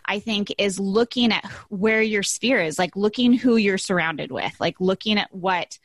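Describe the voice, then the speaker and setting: A woman's voice: mid-range voice, moderate pace, no room sound. Chatty, effusive woman coach. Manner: effusive, chatty, many fillers like "like" and "you know". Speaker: podcast guest, business and life coach. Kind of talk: casual conversational interview.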